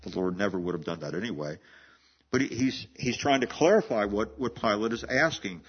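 A man's voice: on the low side, expressive, fairly quick, slightly rough. A man preaching an expository sermon in a conversational teaching manner, often restarting and repeating words mid-sentence. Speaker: pastor. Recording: muffled lo-fi sermon recording.

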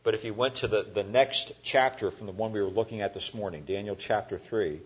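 A man's voice: fairly low pitch, a little fast, slightly rough. A man teaching a Bible class in a folksy, conversational way, telling the story and asking his students questions. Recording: dull lo-fi recording.

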